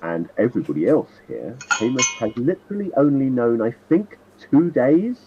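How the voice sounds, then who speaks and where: A man's voice: medium pitch, sing-song, normal speed. A man at a tabletop game, chatting casually and explaining his characters in rambling, self-correcting asides. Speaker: tabletop player. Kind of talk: casual chat. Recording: dull lo-fi sound, faint noise.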